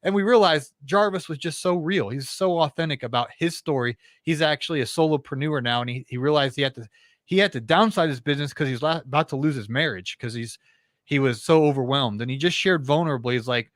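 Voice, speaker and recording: A man's voice: fairly high pitch, brisk, no echo. Earnest talkative man, dry close sound. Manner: earnest, talkative, many restarts. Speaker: podcast host, interview guest. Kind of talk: casual interview chat.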